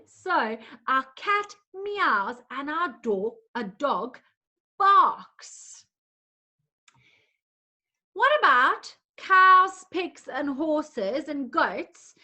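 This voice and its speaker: A woman's voice: sits high, sing-song, drawn-out words, sharp tone. A woman teaching a lesson to young children in a coaxing, sing-song way, making animal sounds along the way.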